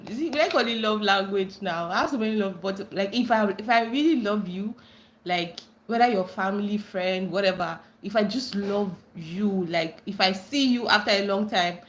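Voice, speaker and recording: A young Nigerian woman hosting a casual livestream, reading chat comments aloud and breaking into excited squeals when friends join. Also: moderate pace. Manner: bubbly, bursts into high squeals greeting friends.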